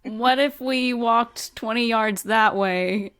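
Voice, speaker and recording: A woman playing a tabletop game who talks in a playful, amused, drawn-out way. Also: a little high, fairly bright tone. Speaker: player. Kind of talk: casual tabletop play.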